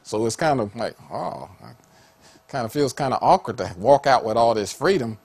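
A man a sermon in an animated way, laughing often and rising to high excited calls. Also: moderate pace, vocal fry, slightly rough, dry recording. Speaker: preacher.

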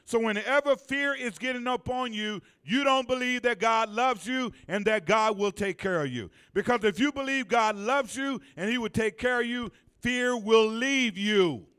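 A man's voice: very high-pitched, fairly bright tone, clear, resonant tone. A man preaching a sermon in church, calling on the congregation to answer back and stretching out key phrases for emphasis. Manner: call-and-response preaching, drawn-out emphatic phrases. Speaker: pastor. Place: church sanctuary.

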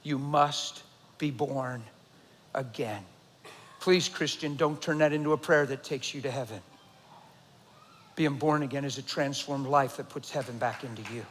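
A middle-aged man preaching a sermon, swinging between loud emphasis and a low, intense near-whisper. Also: fairly even intonation, normal speed. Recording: long hall reverb.

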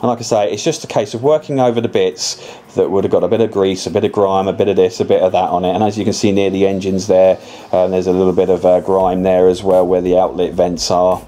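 A man speaks in a somewhat low, warm voice. He narrates a model-building lesson casually, wandering off track and stumbling over restarts. The tone stays easygoing and conversational throughout. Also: flat delivery, fast, slight background noise. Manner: rambling, chatty, self-correcting, with many restarts.

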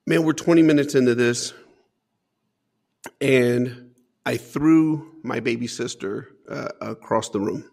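A man's voice: medium pitch, slow pace, vocal fry, darkish tone. A man as an interview guest, telling a personal life story in an earnest, emphatic way with frequent "man" asides.

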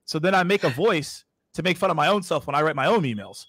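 A man hosting a sales webinar, talking fast and excitedly, often laughing and calling the audience y'all. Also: fairly high pitch, husky, no room sound. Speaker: webinar host. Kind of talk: energetic sales coaching talk.

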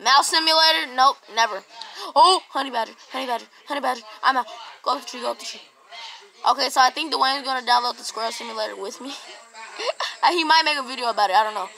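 A woman's voice: high-pitched, fast, vocal fry, bright, forceful tone, low-quality recording. A young woman giving casual, jumpy commentary while playing a video game, often yelping when startled. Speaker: gaming vlogger.

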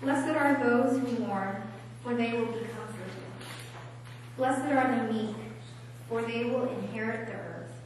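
A woman's voice: a little high, measured pace, darkish tone, slight background noise. Distant woman reading scripture in a church. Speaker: scripture reader. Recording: echoey church hall, mic far off.

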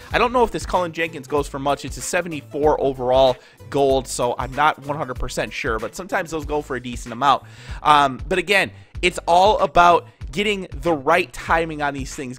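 A man's voice: on the high side, fairly bright tone. A congested young man with a nasal voice from Minnesota, casually chatting to viewers as he opens card packs in a video game. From Minnesota, USA. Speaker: gaming YouTuber. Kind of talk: pack opening commentary.

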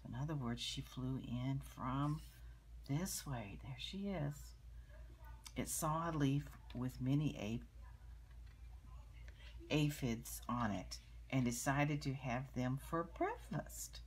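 An older woman reading a picture book aloud to children, gently pointing out the pictures and explaining them as she goes. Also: a bass voice, slow, long pauses, slight background noise.

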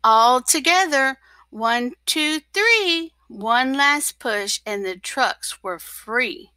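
A woman, a teacher, reading a picture book aloud to children, slowly and expressively with whispered asides. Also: a little high, bright, forceful tone, dry recording.

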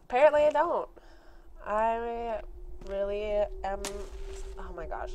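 A woman's voice: medium pitch, animated, takes it slowly, pauses often, a little mellow. A young woman streaming a horror game, talking to her viewers, often frightened, sighing, whispering and yelping. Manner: jumpy, yelps and screams, talks to viewers; frightened running commentary with sighs and whispers. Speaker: gaming streamer. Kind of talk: live horror game commentary. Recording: game music playing behind.

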